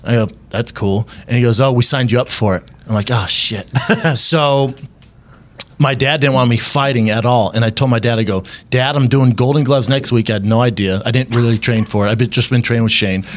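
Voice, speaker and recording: A man in his thirties, talking at an ordinary middle pitch, spins stories from his past as a podcast guest. He laughs a lot and slips into other people's voices whenever he quotes them, all at an easy conversational pace. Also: brisk. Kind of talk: casual storytelling.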